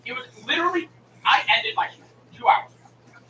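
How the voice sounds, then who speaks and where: High-voiced streamer dude ranting and swearing, doing both sides of a phone call, echoey far-off mic. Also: male voice, lively intonation, a little fast, bright, forceful tone. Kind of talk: casual profane rant. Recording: echoey room mic from a distance with noise.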